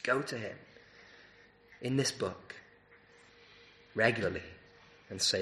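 A man delivers an evening sermon from a church pulpit, earnest and emphatic. His voice is bright and carries clearly. The church room rings with echo, and a faint hiss runs underneath. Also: lowish voice, takes it slowly, long pauses. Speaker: preacher.

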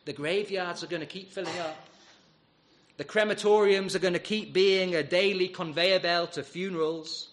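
A man preaching a sermon, emphatic and rhetorical, with dramatic pauses. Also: high-pitched.

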